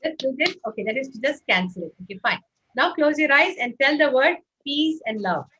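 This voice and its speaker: Over muffled, lo-fi video call audio with slight background noise, a woman with a high-sitting voice runs an interactive online workshop at a fairly quick pace. She is animated, coaxing participants to answer in the chat.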